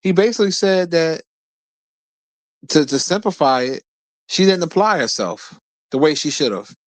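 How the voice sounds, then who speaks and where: A man's voice: on the high side, animated, moderate pace, no echo. Blunt, profane man in a dry room. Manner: blunt, profane, repeats words when starting sentences. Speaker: streamer host. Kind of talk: casual live-stream commentary.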